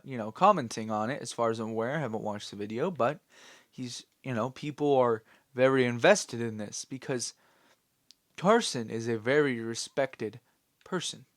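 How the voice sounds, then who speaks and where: A man's voice: medium pitch, a bit bright, no echo, studio quality. A man hosting his own channel, giving a rambling, opinionated commentary with many fillers and a scolding tone. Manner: scolding, dismissive. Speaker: channel host.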